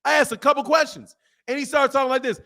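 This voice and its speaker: A man hosting a boxing channel, talking casually to his camera in animated, slangy commentary with frequent laughter. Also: very high voice, fast talker. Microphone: camera mic.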